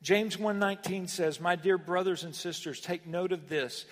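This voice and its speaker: High-voiced emphatic male preacher. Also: big-room sound. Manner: animated preaching, emphatic rises and pauses. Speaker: pastor. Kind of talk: sermon.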